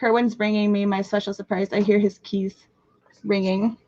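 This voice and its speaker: A woman's voice: medium pitch, level tone, normal speed, mellow, dull audio. A young woman in her twenties hosting a live crafting show, talking casually and jumping from topic to topic with self-mocking asides and sudden squeals. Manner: chatty, scattered and self-mocking, with bursts of squeals. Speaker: crafting livestream host. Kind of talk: casual live-stream chat.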